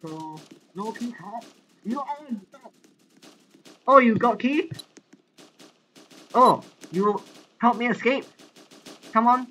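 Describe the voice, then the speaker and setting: A male gaming host talking through a live playthrough with a lively, swinging pitch and a bright, forceful tone. He is excitable and breaks into shouts often, yet his pace stays unhurried between outbursts. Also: slight background noise, poor audio. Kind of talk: live game commentary.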